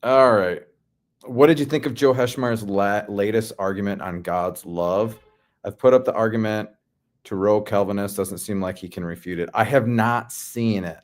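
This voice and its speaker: A man's voice: fairly low pitch, normal speed. Laid-back man hosting a chat stream. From Midwest. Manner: laid-back, slangy, reads chat comments aloud. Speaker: livestream host answering chat. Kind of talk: casual livestream chat.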